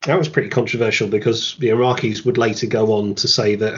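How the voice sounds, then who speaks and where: A man's voice: on the low side, flat delivery, fast, lo-fi sound. A man hosting a podcast, reading a scripted history narration and breaking off for dry, sarcastic asides. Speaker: podcast host.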